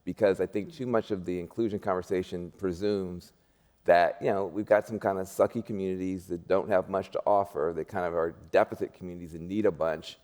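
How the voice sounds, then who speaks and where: A man's voice: low voice, fairly even intonation, fairly quick, darkish tone. A man speaking as a panel guest, emphatic and rousing, repeating his points like a preacher. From United States. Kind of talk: panel discussion.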